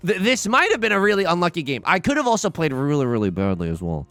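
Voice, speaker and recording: Young male let's-play host, nervous and pleading, higher bright voice, dry mic, faint game music under. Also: sing-song, quick pace, no room sound. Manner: anxious, pleading, exclamatory. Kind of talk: live gameplay commentary.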